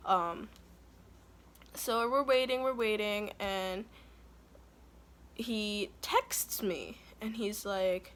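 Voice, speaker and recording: A young woman talks through a personal story in a loose, rambling vlog style, stopping now and then to scold a small child. Her voice is bright and forward, at an ordinary pitch. Faint room ambience sits behind her. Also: very slow, long pauses, slight background noise. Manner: chatty, rambling, breaks off to scold her toddler. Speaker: vlogger telling a birth story. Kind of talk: casual storytime.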